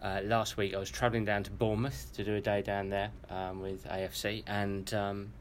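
A man's voice: fairly low pitch, level tone, normal speed, slight background noise. A man joining a podcast as a guest, bantering in a jokey, easygoing way. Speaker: podcast guest, soccer coach. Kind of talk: casual podcast chat.

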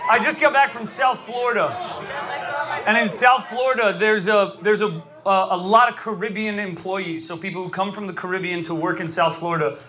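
A man giving an energetic, joking sermon to a live crowd, often calling out loudly. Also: sits high, moderate pace. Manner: loud, animated, joking with the crowd. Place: large venue with live audience.

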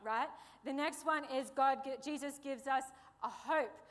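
A young woman delivers a sermon in a slightly high voice, lively and playful, breaking off for jokes and calls for an amen. Her words ring out with the long reverb of a big hall. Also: measured pace. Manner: lively, joking asides, calls for amens. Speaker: preacher.

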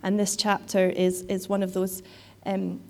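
A woman's voice: mid-range voice, monotone, unhurried, slight background noise. A woman giving a sermon in a conversational way, with frequent fillers and restarts. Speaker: preacher.

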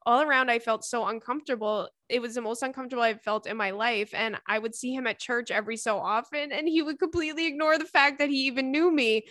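A woman's voice: on the high side, fairly even intonation, quick pace, hardly any pauses, a bit bright, dry recording, clean studio sound. A young woman hosting a podcast in casual, chatty talk, reading listener emails aloud with lots of fillers and swearing. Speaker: podcast host.

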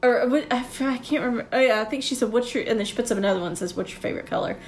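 A woman's voice: fairly high pitch, rapid-fire, slight background noise. A woman telling long rambling stories in a casual chat among friends, swearing now and then.

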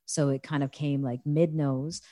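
An American woman with a low, dark-toned voice recounts a party prank in relaxed conversation. The sound is dry and close, with no room around her. She laughs often and slips into the voices of the people in her story. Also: moderate pace, dry recording. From United States. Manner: animated, laughing, acts out quoted voices. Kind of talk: casual storytelling chat.

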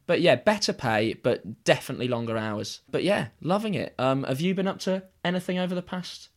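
A man's voice: on the high side, lively intonation, a little fast. A young adult man co-hosting a casual podcast chat, playful and self-mocking, laughing often. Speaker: podcast co-host.

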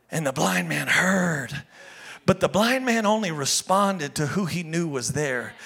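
A male pastor preaching a sermon with passion, swinging from shouted cries down to hushed, quiet appeals. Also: fairly high pitch, animated, a little slow, vocal fry, breathy edge.

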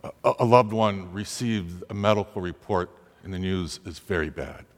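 A man preaching a sermon, dramatic, his voice rising sharply on the pleading questions he voices. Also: moderate pace. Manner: dramatic, rising pitch on quoted pleas. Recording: long hall reverb.

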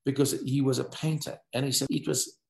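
A man preaches a sermon in a roomy, echoing space. His voice sits at a middle pitch, and he tells stories with emphasis and lively energy. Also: brisk, vocal fry. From South Africa. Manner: storytelling, animated and emphatic. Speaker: pastor.

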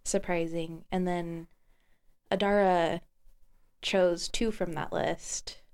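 A woman's voice: fairly low pitch, steady tone, slow pace, darkish tone, clear, resonant tone. A woman co-hosting a radio music show, chatting casually with a dry, teasing manner.

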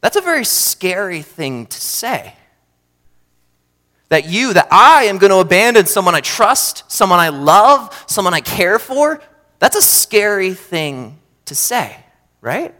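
A man preaching a sermon, swinging between loud emphatic bursts and quiet low asides. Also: big pitch swings, unhurried. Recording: long hall reverb.

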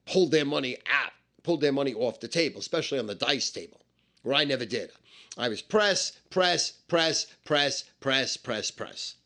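A man telling a story about his own past in an animated, emphatic way, with lots of swearing and repetition. He explains things step by step and repeats the numbers. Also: medium pitch. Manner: emphatic and profane, with many repetitions.

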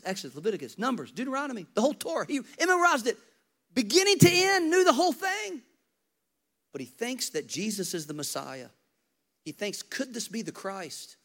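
Preaching with energy and humor, a male pastor recounts Bible stories, moving from booming, high exclamations down to soft, close moments.

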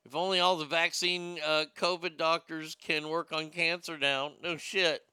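A man's voice: on the high side, little pitch movement, a little slow, sharp tone, clear, resonant tone, dry recording. A man hosting a casual show, reading news items and chat comments aloud and riffing on them with irreverent jokes, often stammering and restarting.

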